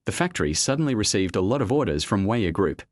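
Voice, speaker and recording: A man narrating a web comic recap in a steady first-person storytelling manner. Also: lowish voice, fast talker, no room sound.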